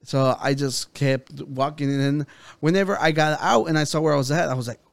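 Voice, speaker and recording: A man's voice: fairly high pitch, fairly even intonation, a little fast, creaky, dry recording. A man, a podcast co-host, telling a long story in casual chat, rambling, swearing and quoting himself and others.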